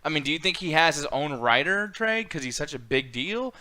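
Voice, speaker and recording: A man co-hosting a casual wrestling podcast, ranting with lots of swearing, jumping between loud and quiet. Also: fairly high pitch, lively intonation, fairly quick. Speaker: podcast co-host. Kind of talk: heated casual wrestling chat.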